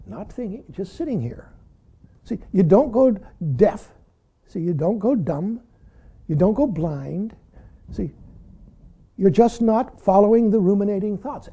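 A man gives a dharma talk as a Zen teacher, his voice dark and very mellow. He talks in a lively, swooping way, chuckling and pushing each point home with a steady "see". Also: high voice, slightly rough. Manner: emphatic, keeps saying "see", chuckles often.

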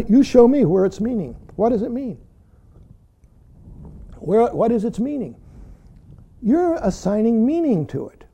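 A man gives a dharma talk as a Zen teacher, his voice dark and very mellow. He talks in a lively, swooping way, chuckling and pushing each point home with a steady "see". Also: very high voice, measured pace, pauses often, breathy edge. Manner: emphatic, keeps saying "see", chuckles often.

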